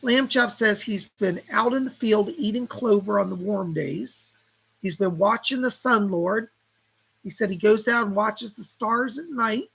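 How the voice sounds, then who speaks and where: A middle-aged man hosts a live psychic stream and chats to his viewers. His voice is heavily gravelly and rough, with a husky edge. He gushes and exclaims all the way through. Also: high voice, a little slow, fairly bright tone, low-quality recording. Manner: gushing, chatty, full of exclamations. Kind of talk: casual live-stream chat.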